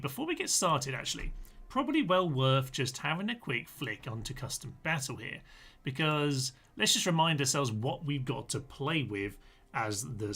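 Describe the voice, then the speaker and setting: A man talking through a live strategy game stream, rambling and chatty as he answers viewers' comments. His voice sits at a middling pitch with a bright, forward edge. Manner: chatty, reads out chat comments with frequent ums.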